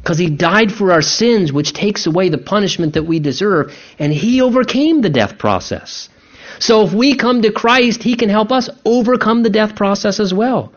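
A man preaching with a high, lively voice that leaps up and plunges low to drive home each point. The sound is a little dull and lo-fi, as if from a church sermon recording. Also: moderate pace. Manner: animated preaching, voice rising and dropping for emphasis. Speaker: pastor. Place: church sanctuary.

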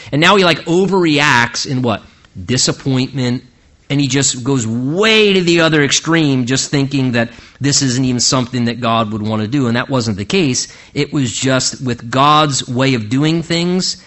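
A middle-aged man preaching a sermon as pastor, animated and acting out the voices he quotes. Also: medium pitch, moderate pace.

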